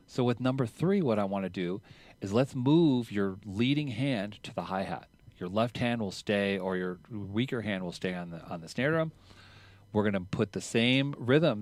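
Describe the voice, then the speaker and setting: A man teaching drums in a relaxed, chatty way, explaining rhythms and counting triplets out loud as he plays. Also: fairly low pitch. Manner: counts triplets out loud over drumming, louder while counting; casual and chatty, with fillers. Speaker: drum teacher. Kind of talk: relaxed instructional talk.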